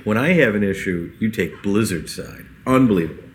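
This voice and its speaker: A man's voice: fairly low pitch, animated, brisk, a little hiss or hum. A man co-hosting a gaming podcast, playfully indignant and sulky. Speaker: podcast co-host. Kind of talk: casual podcast chat. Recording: echoey room.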